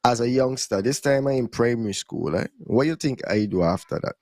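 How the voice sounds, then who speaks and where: A young man casually telling stories on a podcast, in relaxed creole-tinged English. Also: mid-range voice, brisk, dry recording. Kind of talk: casual storytelling chat.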